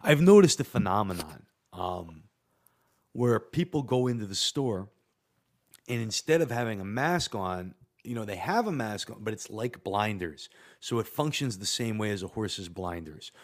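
Guy rambling to his therapist, swears a lot, lowish voice. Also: lively intonation. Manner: rambling, halting, profane. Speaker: patient.

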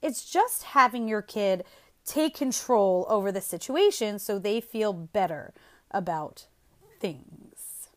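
A woman's voice: medium pitch, expressive, measured pace. A woman hosting a casual parenting advice show, chatty and upbeat, often laughing as she talks. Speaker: host.

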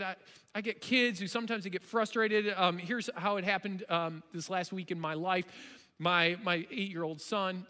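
Impassioned male pastor in a reverberant hall. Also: high-pitched. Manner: impassioned, swings between loud emphasis and soft storytelling. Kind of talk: sermon.

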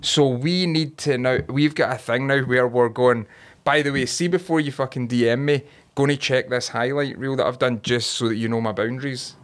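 A man's voice: medium pitch, normal speed. A Scottish man chatting casually, sweary and rambling, often laughing. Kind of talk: casual banter.

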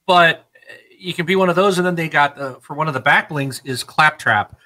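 Casting note: bright, slightly high-voiced man in his thirties, rambling gamer co-host who laughs a lot. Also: normal speed, rough recording. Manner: rambling, animated, laughs often. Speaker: podcast co-host. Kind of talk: casual gaming chat.

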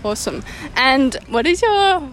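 A woman's voice: high voice, very animated, a little slow, a little hiss or hum, poor audio. A woman hosting a podcast, interviewing friends as they walk to the beach, playful and teasing. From Australia. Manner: playful, teasing, laughs often. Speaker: podcast host. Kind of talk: casual interview while walking outdoors. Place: outdoors on a street, walking to the beach.

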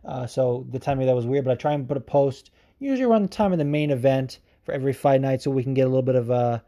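Mellow-voiced man rambling casually. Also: medium pitch, very fast. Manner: rambling and profane, heavy on "like". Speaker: podcast host. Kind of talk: casual chat.

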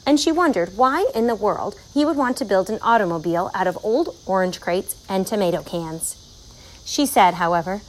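A woman narrating a children's storybook aloud in a clear, measured way. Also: medium pitch, animated, low-quality recording.

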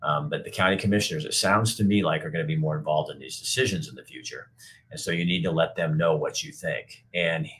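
A middle-aged man with a deep, low-pitched voice chats loosely on a livestream and reads out viewers' comments. He answers them bluntly and wanders from point to point, swearing freely and restarting his sentences. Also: fast talker, a bit bright. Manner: rambling, blunt, with frequent profanity and restarts. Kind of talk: casual unscripted livestream talk.

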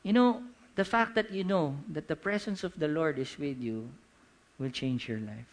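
A middle-aged man with a Filipino accent preaching a sermon, animated and mixing Tagalog with English, slowing to quiet emphasis. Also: fairly high pitch. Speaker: pastor.

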